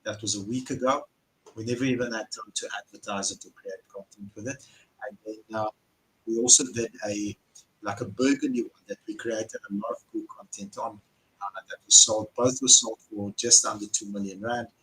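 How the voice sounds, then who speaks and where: A man's voice: lowish voice, fairly even intonation, normal speed, a bit bright, poor audio. A man with a South African accent, a car dealer hosting a live Q&A and telling stories bluntly, swearing when riled. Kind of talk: casual live Q&A storytelling.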